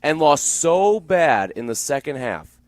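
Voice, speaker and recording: A man co-hosting a sports radio show, talking casually with halting restarts. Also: on the high side, very animated, dry recording.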